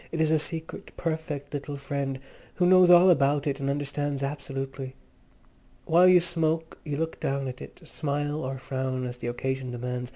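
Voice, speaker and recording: A man reading a literary story aloud in a measured, lyrical manner. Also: mid-range voice, dark tone. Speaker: audiobook narrator. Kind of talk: literary narration read aloud.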